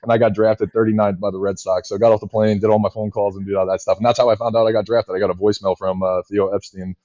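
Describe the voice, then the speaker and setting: Fast-talking man telling stories, lo-fi. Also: on the low side, no room sound. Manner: rapid, animated storyteller with many fillers. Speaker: podcast guest, former pitcher. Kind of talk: casual storytelling chat. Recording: dull lo-fi podcast audio.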